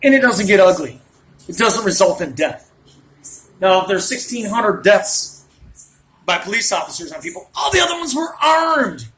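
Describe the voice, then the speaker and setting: Sitting high and a bit bright, this late-thirties man's voice is very animated at a moderate pace. Worked up and rambling through a ranting monologue, he hops between points, captured in a rough recording with slight background noise.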